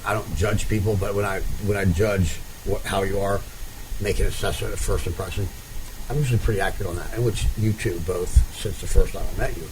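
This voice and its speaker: A man's voice: low voice, background noise. A man interviewing a couple in casual conversation, rambling and restarting as he tells stories. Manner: rambling storyteller with many restarts.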